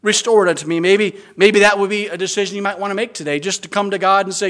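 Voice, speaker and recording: A man's voice: high-pitched, fairly even intonation, very fast, few pauses, fairly bright tone. A middle-aged man preaching an earnest sermon as pastor, with frequent stammering restarts and emphatic rises.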